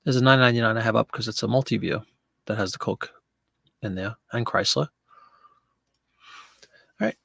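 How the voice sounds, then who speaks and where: Guy doing a casual live stream from home, chatty, bit of a gravelly voice, dry close sound. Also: on the low side, moderate pace, long pauses, fairly bright tone, no room sound. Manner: chatty, talks to viewers and baby-talks to his pet. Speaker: online seller hosting a live listing show. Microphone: desk microphone.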